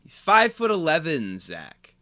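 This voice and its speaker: Casting: young adult male podcast co-host, bright, animated delivery with a teasing streak. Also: fairly high pitch, measured pace. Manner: teasing, joking. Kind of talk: casual banter.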